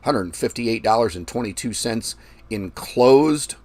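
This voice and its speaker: A man's voice: medium pitch, expressive, measured pace, darkish tone, no room sound. A man hosting a forex trading livestream, talking loosely and projecting his voice with the mic right at his mouth. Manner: loose, rambling, curses casually, projects voice close to mic. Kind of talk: casual live-stream talk. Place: traveling, recording himself. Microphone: mic held very close to mouth.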